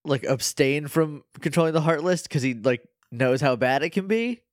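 A man's voice: on the high side, moderate pace. A young man co-hosting a podcast who reacts to a game recap with laughs, questions and exclamations. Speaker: podcast co-host. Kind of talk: casual chat, reacting.

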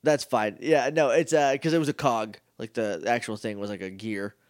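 A young man co-hosting a podcast, recapping a TV episode in casual chat and dropping into quick goofy character voices. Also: medium pitch, fairly even intonation, no room sound, clean studio sound. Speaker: podcast co-host.

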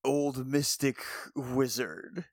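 A man's voice: medium pitch, very slow, dry recording, clean studio sound. A man co-hosting a podcast, chatting casually and giggling as he acts out dialogue from an episode. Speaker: podcast co-host. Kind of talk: casual chat recapping an episode.

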